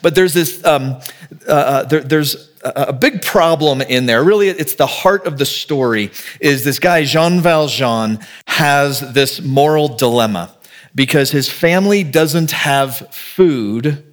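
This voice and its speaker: A man preaching a sermon as a pastor in a relaxed, conversational way, thinking aloud and acting out little bits of dialogue to make his point. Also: a little high, slow pace.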